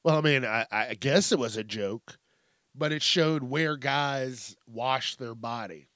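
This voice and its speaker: A man's voice: mid-range voice, slow pace, a bit bright, no room sound, studio quality. A middle-aged man hosting a podcast, ranting in a profane, rambling way that keeps breaking off mid-sentence. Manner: profane, rambling, self-interrupting. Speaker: podcast host. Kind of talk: casual comedic news rant.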